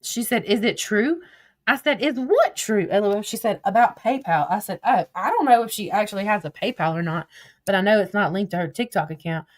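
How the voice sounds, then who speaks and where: A woman's voice: mid-range voice, expressive, brisk. Chatty woman reading her messages aloud. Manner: chatty and profane, laughs often, digresses. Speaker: commentator. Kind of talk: casual commentary reading text messages aloud.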